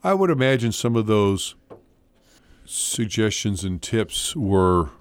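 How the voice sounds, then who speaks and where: Low-voiced man host asking questions. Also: very animated, slow pace, smooth, no echo. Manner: asks questions, frequent short agreements. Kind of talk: casual interview.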